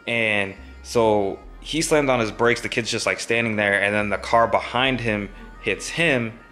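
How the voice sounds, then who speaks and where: A man's voice: lowish voice, unhurried, pushed and bright, faint music behind. A young man vlogging, telling a story in a rambling, casual way with many fillers.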